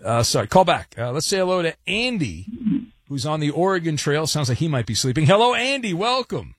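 A man's voice: fairly high pitch, very animated, brisk, no echo, clean studio sound. A man hosting a sports talk radio show, chatty and joking with a sarcastic edge. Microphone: studio mic.

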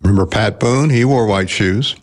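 Deep-voiced guy hosting a call-in radio show, chatty, lots of uhs. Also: normal speed. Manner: conversational, chatty, hesitant fillers. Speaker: radio talk show host.

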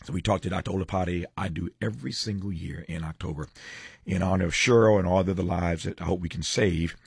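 A middle-aged man hosting a live talk program, speaking in a measured, conversational way with frequent fillers. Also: low-pitched, gravelly, husky, no echo, clean studio sound. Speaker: radio talk show host.

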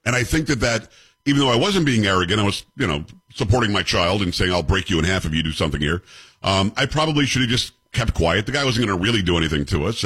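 Fast, animated husky male radio host. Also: fairly low pitch. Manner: animated storyteller, emphatic. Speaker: radio talk show host. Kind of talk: casual talk radio chat.

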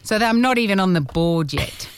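A woman's voice: mid-range voice, animated, a little fast, clean tone, dry recording. A woman co-hosting a radio show, chatting casually and laughing easily as she talks. She is from South Africa. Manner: chatty, laughs often, trails off mid-sentence. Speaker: radio co-host.

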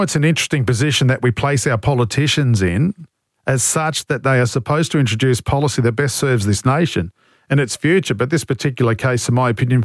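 A man's voice: medium pitch, no echo, studio quality. An Australian man hosting talkback radio, blunt and exasperated as he takes calls and reads out texts. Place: radio studio. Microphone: studio microphone.

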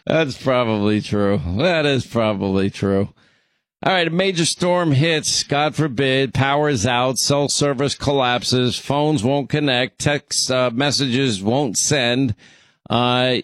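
A man with a New York accent hosting a talk radio show, bantering quickly and teasing his co-host. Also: mid-range voice, no echo, studio quality. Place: radio studio. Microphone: studio microphone.

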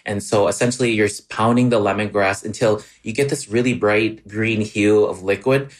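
A man's voice: lowish voice, fairly even intonation. A man with a Wisconsin accent, a cookbook author chatting eagerly in an interview, with lots of likes and ums. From Wisconsin, USA. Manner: quick, enthusiastic, filler-heavy. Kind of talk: casual interview chat.

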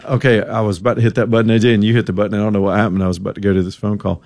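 Low-voiced male talk radio host. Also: rapid-fire, few pauses, dry recording, clean studio sound. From Alabama. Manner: animated storyteller, ad-libbing. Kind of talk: talk radio chat and storytelling.

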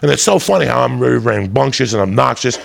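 A man doing stand-up, telling a wild story in a rowdy, profane, boisterous way with a gravelly voice. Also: medium pitch, animated, quick pace. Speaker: stand-up comedian.

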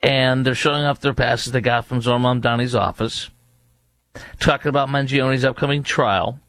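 A man's voice: mid-range voice, steady tone, normal speed, fairly bright tone, dry recording. A man giving indignant opinion commentary, mocking and asking repeated rhetorical questions, with many fillers. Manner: frequent fillers and restarts. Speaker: political commentator.

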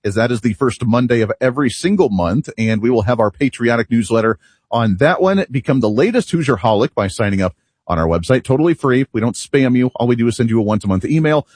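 A man's voice: mid-range voice, animated, fast talker, a little mellow, breathy edge, no room sound. A man hosting a talk radio show, delivering an opinionated, rambling monologue and laughing at himself, recorded at a studio microphone. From United States.

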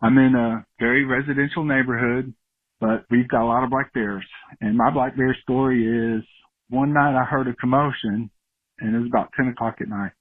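A man from Florida tells his story to a radio show's call-in line in a brisk, matter-of-fact way, with a husky edge to his voice. The sound is narrow and phone-like, dry and close. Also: medium pitch, steady tone, no echo. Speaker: caller.

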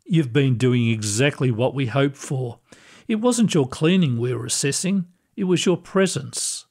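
A man voicing a kindly ghostly librarian who speaks gently and reassuringly, with quiet amusement. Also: medium pitch, animated, measured pace. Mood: gentle.

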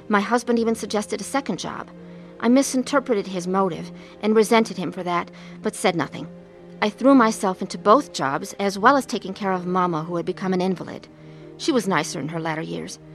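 A woman's voice: mid-range voice, close to an everyday voice. A woman narrating and playing a troubled adult woman in emotional pain, speaking earnestly. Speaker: narrator and main character. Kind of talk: dramatized testimony with first-person narration.

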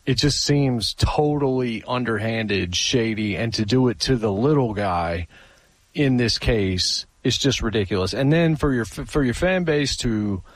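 A man co-hosting a sports talk show, opinionated and animated, often restarting his sentences. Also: medium pitch, unhurried, no room sound, rough recording.

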